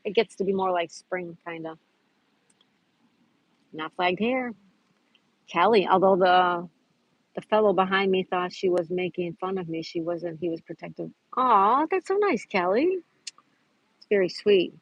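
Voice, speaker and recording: A woman's voice: fairly low pitch, unhurried, pauses often, no room sound, muffled recording. A woman hosting a casual live stream outdoors at a park, chatting and greeting viewers by name as she reads their comments. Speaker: livestream host.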